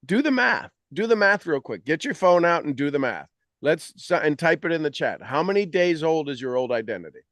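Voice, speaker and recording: Man, motivational mentor, slightly high voice, animated and teasing, dry close sound. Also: a little fast, few pauses, dry recording. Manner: animated, acts out people's complaints in quoted voices; direct and teasing with the audience. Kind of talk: motivational coaching talk.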